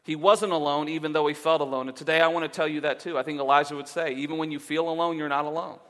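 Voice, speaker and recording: Male pastor, earnest sermon delivery that drops from emphatic to hushed; higher voice in a reverberant sanctuary. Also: fairly even intonation, fast talker. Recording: long reverb of a large hall.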